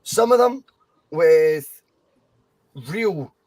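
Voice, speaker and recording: Animated Scottish man, slightly high voice. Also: drawn-out words. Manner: animated, rambling, swears freely. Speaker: podcast co-host. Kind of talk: casual football chat.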